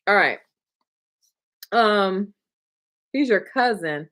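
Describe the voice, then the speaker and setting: A woman's voice: fairly low pitch, animated, a little slow. Chatty Michigan woman hosting a livestream. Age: 30s to 40s. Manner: chatty, warm, talks to chat, laughs often, gets emotional. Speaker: livestream host, notary signing agent trainer. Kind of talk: casual livestream chat.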